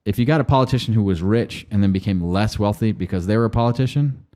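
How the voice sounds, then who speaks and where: A man's voice: fairly low pitch, quick pace, dark tone. A man hosting a lawyer's podcast, reacting to a radio clip with emphatic, alarmed commentary and repeated warnings.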